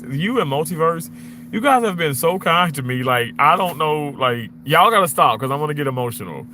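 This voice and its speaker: A man's voice: moderate pace, noisy background. A man hosting a casual livestream from a car, reading viewer comments aloud in a chatty, playful way. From Mississippi, US. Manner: chatty, playful, reads comments aloud, swings up high when excited. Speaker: livestream host reading chat.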